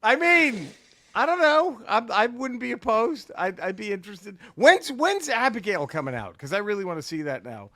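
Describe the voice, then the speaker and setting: High, bright-voiced laughing man. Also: very animated, moderate pace. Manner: boisterous, laughing, teasing. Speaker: podcast host. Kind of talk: casual chat.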